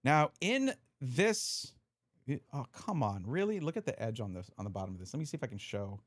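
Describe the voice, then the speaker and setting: A man's voice: mid-range voice, very animated, fairly quick, dry recording, clean studio sound. A man hiccuping as he chats casually on a live stream, explaining card rules while he sorts a deck. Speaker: streamer reviewing trading cards.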